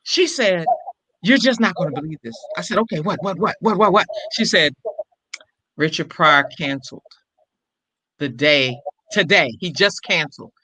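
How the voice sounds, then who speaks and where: Older woman, sharp forceful voice, animated storyteller, acts out quotes, dry close sound. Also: on the low side, moderate pace, no room sound, poor audio. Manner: acts out quoted dialogue with lively shifts in voice. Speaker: comedian and impressionist, guest.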